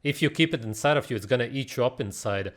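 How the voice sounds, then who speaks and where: A man's voice: mid-range voice, lively intonation, fast talker. A man reacting to a video in casual, ranting commentary, blunt and mocking, swearing and often laughing in disbelief.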